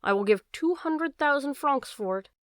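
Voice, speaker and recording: A woman voicing a male art dealer who is smooth, cold and calculating. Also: high-pitched, animated, moderate pace, no room sound, clean studio sound, voice pushed up. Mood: coaxing. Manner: cold, then coaxing.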